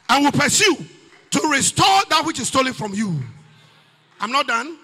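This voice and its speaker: High, bright-voiced Ghanaian preacher man. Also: sing-song, moderate pace, long pauses, big-room sound. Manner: preaching, often shouting with rising emphasis. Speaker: pastor. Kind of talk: sermon. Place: church.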